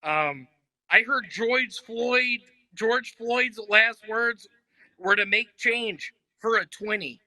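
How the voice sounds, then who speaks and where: A man doing a stand-up set, delivering deadpan one-liners with hesitant fillers between jokes. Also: very high-pitched, slow, no room sound, poor audio. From Memphis, Tennessee. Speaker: stand-up comedian.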